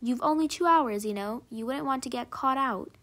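A woman reading a story voices a brisk schoolteacher calling to her class. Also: high voice, fairly bright tone.

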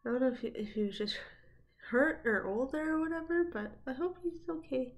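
A woman's voice: sits high, animated, fairly quick. A young woman chatting casually as she reacts to video clips, laughing often and talking back to what she watches.

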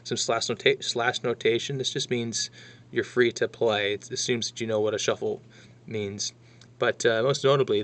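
A man teaching how to read a drum chart in a casual lesson, talking through it bar by bar and counting rhythms out loud. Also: medium pitch. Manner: chatty, counts rhythms aloud, thinks out loud. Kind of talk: casual music lesson walkthrough.

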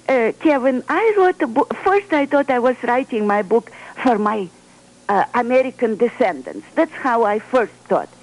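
A woman's voice: a little high, a little mellow. A woman from Moscow with a Russian accent, an author speaking earnestly and emphatically as a guest in a radio interview, sometimes searching for English words. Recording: radio broadcast over telephone line.

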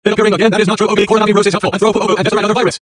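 A male channel host rambling excitably through a reading and his own commentary, exclaiming over and over, with the playback sped up. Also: high voice, very fast, dry recording. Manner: excitable, keeps exclaiming "oh golly".

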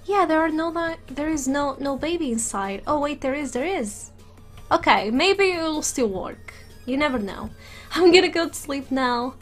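A woman giving casual let's play commentary, giggly and excitable, chatting fondly to her game pets while a little sick. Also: high voice.

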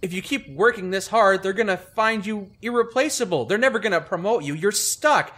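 A man's voice: high voice, brisk, bright, forceful tone. A man co-hosting a casual chat, asking teasing, wry follow-up questions. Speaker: co-host, interviewer. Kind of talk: casual conversation.

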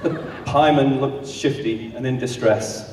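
A man's voice: medium pitch, steady tone, a little slow, noisy background. A man narrating a comic story in rhythmic rhyming verse, heard from a distance in an echoey hall. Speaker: comic performer.

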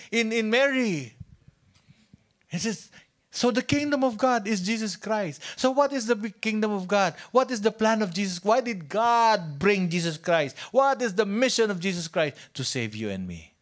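A male pastor with a Filipino accent preaching a sermon. He swings from hushed near-whispers to loud, emphatic lines, and he often repeats and restarts phrases. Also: sits high.

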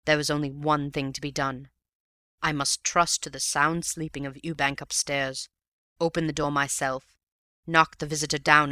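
A man narrating a story aloud in a measured storytelling manner. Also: a little high, sharp tone, clean tone, no room sound, clean studio sound. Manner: measured storytelling, addressing a friend. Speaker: audiobook reader.

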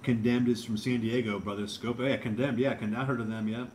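A man's voice: mid-range voice, little pitch movement, fast, a little mellow, slight background noise. A man in his thirties hosting a casual livestream, reading out chat and rambling with lots of fillers and repeated words.

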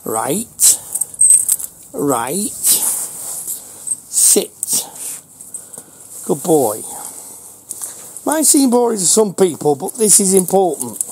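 A middle-aged man with a Northern English accent training his dog outdoors in a casual vlog, calling out short commands and praise. His delivery is slow, with pitch that swings widely, and his voice has a mellow, dark tone. Faint outdoor noise sits behind him. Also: big pitch swings, rough recording. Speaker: dog owner vlogger.

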